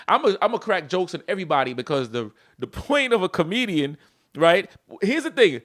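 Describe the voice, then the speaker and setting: A man's voice: on the high side, a bit bright. Joking, slangy male fitness coach. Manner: joking, rambling, slangy storytelling. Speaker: fitness coach and livestream host. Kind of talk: casual livestream chat.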